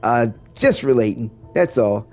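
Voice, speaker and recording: Over soft background music, a man streams a game and chats loosely with his audience, rambling with frequent restarts and fillers. He sounds animated and unhurried, with a medium-pitched, slightly mellow voice.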